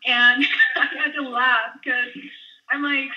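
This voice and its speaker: A woman with a very bright, forceful voice hosts a team webinar, gushing and upbeat as she introduces her guest. Her pitch sits a little high, and the audio is dull and lo-fi. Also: little pitch movement, slow pace. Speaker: webinar host, team leader. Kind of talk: enthusiastic casual webinar talk.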